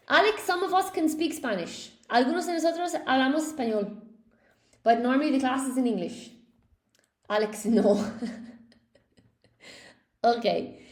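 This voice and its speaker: A woman's voice: high-pitched, echoey room. A woman teaching a live online English class, cheerfully praising students by name as she goes through quiz answers.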